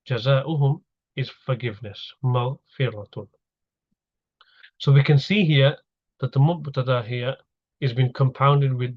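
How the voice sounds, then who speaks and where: A man with a middle-range voice leads a recorded grammar lesson. He explains each step patiently and repeats the key terms. The recording sounds slightly dull and lo-fi. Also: medium pitch. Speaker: Arabic grammar teacher.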